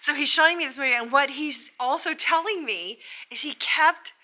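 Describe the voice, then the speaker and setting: An American woman working as a psychic medium, emotionally retelling a spirit's story in a breathless, halting way. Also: high-pitched, sharp tone.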